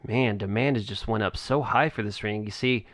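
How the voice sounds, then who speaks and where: A man's voice: fairly low pitch, normal speed, fairly bright tone, no room sound, studio quality, lightly acted. A man voicing a greedy, smug gang boss who bargains slyly in a tabletop game.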